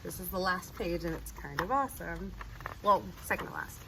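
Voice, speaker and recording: A woman's voice: on the low side, moderate pace. A woman reading a children's picture book aloud outdoors, chatting with young listeners between pages and acting out the animal sounds. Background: sirens and street noise.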